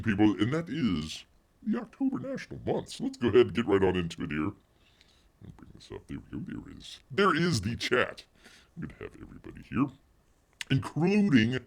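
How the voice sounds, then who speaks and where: A man's voice: lowish voice, vocal fry. A man hosting a casual live stream, rambling and joking with many fillers and repeated catchphrases. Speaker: livestream host.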